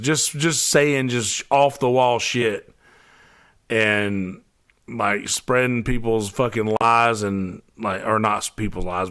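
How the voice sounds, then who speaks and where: A man's voice: on the low side, a bit bright, clean tone. Profane rambling man telling a story. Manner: profane, rambling, with many restarts and fillers. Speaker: podcast host. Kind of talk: casual storytelling monologue.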